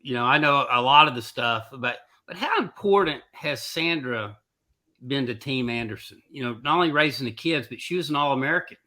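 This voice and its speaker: Host: man with a bright, forward voice, asking meandering questions. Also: mid-range voice, lively intonation, a little fast. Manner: asks long, winding questions. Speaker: podcast host. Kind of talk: interview questions.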